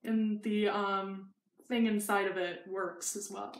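A woman's voice: mid-range voice, little pitch movement, slow. Giggly young woman in an echoey room. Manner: chatty and giggly, with many fillers. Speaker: vlogger. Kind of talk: casual haul chat. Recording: echoey room with faint noise.

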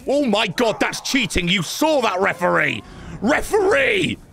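A man streaming a game, giving excitable live commentary, swearing, laughing and yelling at the screen. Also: high-pitched, measured pace, slight background noise. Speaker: gaming streamer.

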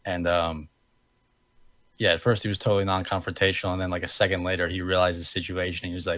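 Talking quickly in a low voice with little pitch movement, a young American podcast co-host spins a loose, self-correcting story and chuckles at himself. His tone is fairly bright, and there's no room sound.

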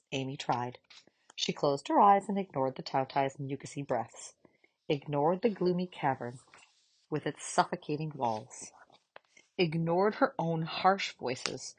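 A woman reading a children's novel aloud in a calm, measured narration. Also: low voice. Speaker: audiobook reader. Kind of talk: storybook narration.

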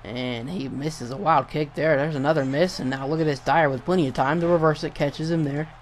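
A young man giving casual play-by-play commentary over a wrestling video game, getting excited and swearing at big moves. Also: on the high side, a little fast, a little hiss or hum. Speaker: gameplay commentator.

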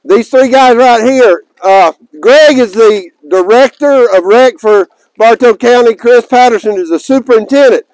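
Guy with a high voice joking around, talking to a crowd outside, dry sound. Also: a little slow, hardly any pauses, darkish tone, dry recording, poor audio. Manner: folksy and joking, raises his voice to carry. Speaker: tournament director addressing players. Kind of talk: outdoor announcement to a crowd. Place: outdoors in a park.

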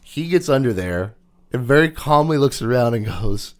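A man's voice: mid-range voice, animated, normal speed. A man co-hosting a podcast, chatting casually, teasing his friend and swearing as he acts out scenes. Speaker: podcast co-host. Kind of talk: casual chat.

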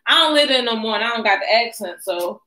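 Chatty woman, bright voice. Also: fairly high pitch, animated, fast talker, rough recording. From Baltimore. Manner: chatty, addresses viewers in slang. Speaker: livestream host. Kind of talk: casual live-stream chat.

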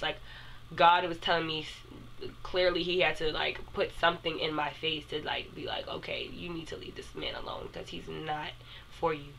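A young woman, casually telling a personal story to her viewers, animated and chatty. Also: on the low side, a little hiss or hum. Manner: animated, addresses viewers as "y'all". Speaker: vlogger.

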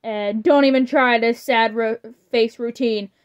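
A woman's voice: fairly high pitch, steady tone, unhurried, smooth, lightly acted. A woman voicing a stern, exasperated vampire father who blusters at his daughter, read aloud from a storybook in slightly muffled audio.

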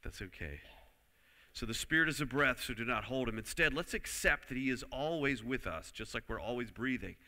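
A man's voice: mid-range voice, lively intonation, fairly quick, pushed and bright. A man preaching a sermon, emphatic, repeating key lines and leading the congregation to say them back. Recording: long hall reverb.

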